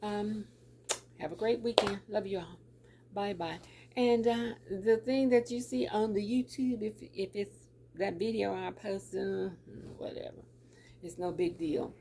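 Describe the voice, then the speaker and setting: A woman's voice: mid-range voice, fairly even intonation, measured pace, dark tone, slight background noise. A middle-aged woman talking casually to camera in a lunchtime vlog, chatty, repeating her words and laughing often. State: teary. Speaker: vlogger.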